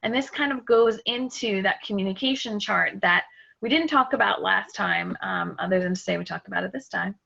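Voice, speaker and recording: A woman leads an online workshop over a video call, speaking with energy and plenty of fillers and restarts. Her voice has a gravelly texture and a bright, forceful edge. The video call audio sounds a little muffled. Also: mid-range voice. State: out of breath. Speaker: webinar presenter. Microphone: computer mic on a video call.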